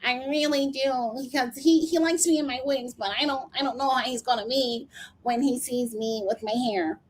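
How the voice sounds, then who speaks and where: Flustered middle-aged woman on the verge of tears, voice high and shaky, put on by a woman host. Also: fairly even intonation, a little hiss or hum, natural voice. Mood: worried. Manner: halting, stammering. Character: anxious middle-aged woman, tearful and unsure.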